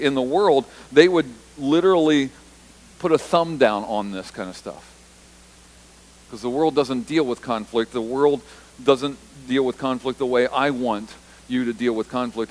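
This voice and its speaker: A man's voice: medium pitch, rough recording. Conversational preacher man, "right?". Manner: conversational, repeats for emphasis, frequent "right?"; acts out the disciples' and Jesus's lines in short quoted voices. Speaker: pastor. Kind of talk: sermon. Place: church.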